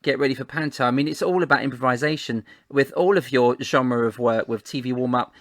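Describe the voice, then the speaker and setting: A man's voice: mid-range voice, a little fast, fairly bright tone, no echo, studio quality. A man hosting an interview, friendly and encouraging, asking long rambling questions. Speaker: podcast host. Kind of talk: casual interview chat.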